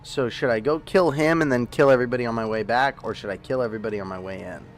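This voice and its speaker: Male livestreamer, joking rambling commentary, mid pitch, faint game music under. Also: fast. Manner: joking, rambling, chatty with viewers. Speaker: livestreaming gamer. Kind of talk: casual gameplay commentary.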